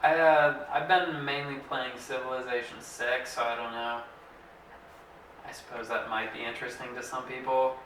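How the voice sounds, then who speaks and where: Rambling young man, bright roomy sound. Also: mid-range voice, little pitch movement. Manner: rambling, halting speech with many fillers. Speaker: podcast co-host. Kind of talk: casual comedy podcast chat. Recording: roomy echo, mic at a distance, faint hiss.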